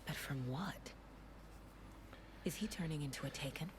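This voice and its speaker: A woman voicing a worried investigator in a game, speaking quietly with concerned questions. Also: low-pitched, moderate pace, slight background noise, natural voice. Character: worried female investigator studying clues. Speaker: game character.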